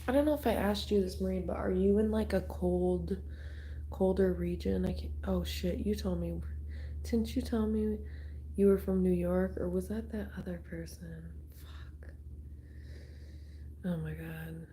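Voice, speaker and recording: A young woman talks to her livestream chat in an unhurried, mellow voice that sits a little low. She rambles and drifts from topic to topic, with an occasional casual curse. A faint background hum runs under her small-apartment recording. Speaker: tarot livestream host.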